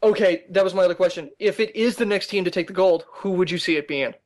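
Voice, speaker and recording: A man's voice: sits high, fast talker. A man co-hosting a casual wrestling podcast, who laughs easily and asks the questions. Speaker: podcast co-host.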